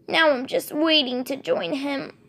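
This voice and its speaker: A woman's voice: high-pitched, steady tone, measured pace, a bit bright, pitched above the performer's own voice. A woman reading a very old she-cat who speaks wearily, heavy with grief. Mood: grieving. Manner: weary, grief-laden.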